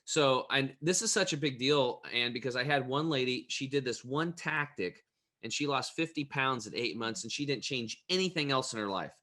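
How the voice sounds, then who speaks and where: Interview guest, male, bright tense tone, lively folksy storyteller. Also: medium pitch, normal speed. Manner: energetic, emphatic storyteller; folksy, plain-spoken.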